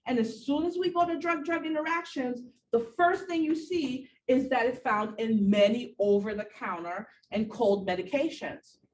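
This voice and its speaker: Woman, nursing instructor, animated classroom lecture, slightly breathless, higher voice; distant mic in a roomy space. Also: moderate pace, few pauses. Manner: animated, repetitive emphasis, talks to students directly. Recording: echoey room, voice from afar, faint background noise.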